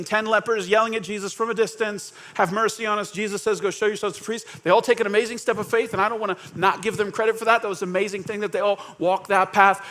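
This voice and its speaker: A man with a notably high voice preaches a sermon. He keeps it conversational, asking the congregation questions and acting out little scenes with quoted voices. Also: fairly bright tone. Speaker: pastor.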